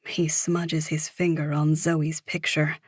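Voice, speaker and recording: A woman narrating a psychological thriller audiobook in a steady, measured storytelling voice. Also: low-pitched, husky, no room sound, studio quality.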